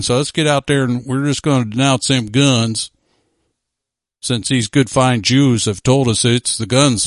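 A man's voice: medium pitch, no room sound, clean studio sound, lightly acted. A man voicing a gullible, folksy middle-aged neighbor who rambles with a loose drawl.

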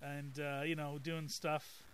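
A man's voice: on the high side, little pitch movement, takes it slowly, a bit bright, clear, resonant tone. A man hosting a casual comic book chat, talking loosely with fillers and frequent laughs. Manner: chatty, laughs often, trails off with fillers. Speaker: comic book show host.

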